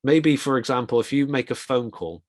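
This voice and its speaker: A middle-aged man giving an informal, reflective talk on communication for ministry, with quick asides. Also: mid-range voice, no echo, clean studio sound. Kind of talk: conversational talk.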